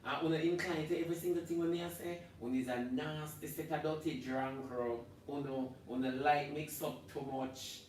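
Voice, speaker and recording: A man with a Jamaican accent ranting loudly through a live stream, swinging between shouting and low muttering. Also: steady tone, normal speed, few pauses, distant mic. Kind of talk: animated live-stream rant. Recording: very echoey room, voice off-mic, faint background hum.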